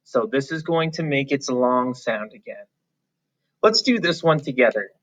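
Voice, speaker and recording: Slow, patient man teaching phonics. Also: mid-range voice, lively intonation, a bit bright. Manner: patient, encouraging, slow and clear with drawn-out sounds. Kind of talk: phonics lesson for young children. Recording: slightly dull, lo-fi.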